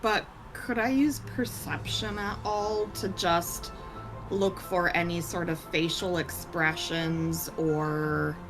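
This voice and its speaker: Slow, hesitant female player. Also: fairly low pitch, steady tone, over music, poor audio. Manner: hesitant, trailing questions. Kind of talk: casual tabletop play.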